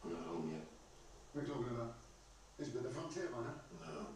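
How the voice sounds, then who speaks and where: A man playing a weary, grim soldier, his lines quick and lively in pitch. The film sound reaches the mic from across a roomy space, with clear noise behind it. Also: over a noisy crowd, lightly acted. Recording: distant, roomy film audio with loud background.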